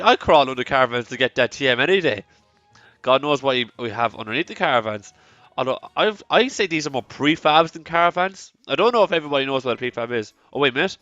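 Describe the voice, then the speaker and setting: A man's voice: mid-range voice, sharp tone, dry recording, muffled recording. A man with an Irish accent hosting a let's play, chatty, rambling and self-deprecating as he comments on the game. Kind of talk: casual gameplay commentary.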